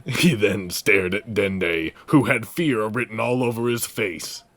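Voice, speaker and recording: A man narrating a comedic fan-fiction reading as podcast host, in a wry, deadpan manner. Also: on the low side, unhurried.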